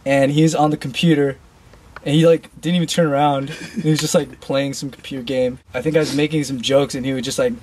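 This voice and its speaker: A young man answering fan questions in a relaxed, rambling way that is full of fillers. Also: mid-range voice, a little fast, slight background noise. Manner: laid-back, loose, full of "like" fillers. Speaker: dance crew member answering fan questions. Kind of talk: casual Q&A.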